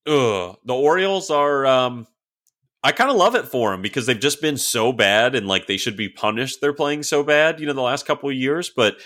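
A man's voice: mid-range voice, lively intonation, normal speed, fairly bright tone. A man co-hosting a casual sports podcast, rambling with lots of fillers before an upbeat sign-off. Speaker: podcast co-host.

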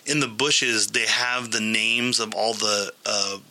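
Bright-voiced man telling a rambling story. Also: on the low side, slow, poor audio. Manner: animated storytelling with many fillers. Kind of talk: casual chat.

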